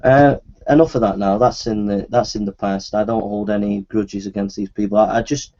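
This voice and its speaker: A man speaking in an apology video, halting and repeating his words as he apologises earnestly. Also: on the low side, fairly even intonation, warm tone, highs cut off. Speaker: video maker.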